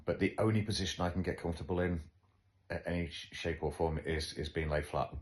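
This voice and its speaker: A man with a very low, deep voice talks casually as a podcast host. His manner is wry and joking, and he pokes fun at himself as he chats. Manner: wry, joking, self-deprecating. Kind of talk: casual chat.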